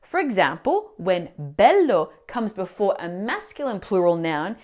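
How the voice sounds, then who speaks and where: A woman teacher explaining grammar mistakes in clear, instructive scripted narration, asking the viewer questions. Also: medium pitch, sing-song, a little slow, a little mellow. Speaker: language teacher.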